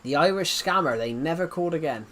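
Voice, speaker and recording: A man's voice: on the high side, animated, quick pace, sharp tone, slight background noise. A man chatting casually while streaming a game, telling rambling anecdotes and laughing at his own jokes.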